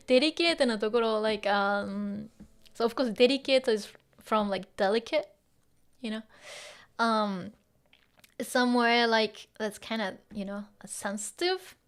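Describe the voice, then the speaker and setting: A woman gives a relaxed Japanese lesson, switching between English explanations and Japanese phrases. Her voice sits a little high, and she fills her speech with ums and easy laughs. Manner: laughs often while explaining. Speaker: Japanese teacher. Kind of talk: casual language lesson.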